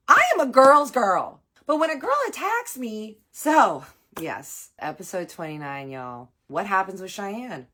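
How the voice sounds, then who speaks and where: A young adult woman telling a storytime to her viewers in a casual, animated way, acting out what others said. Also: medium pitch. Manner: animated, acts out quoted voices. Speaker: storytime vlogger.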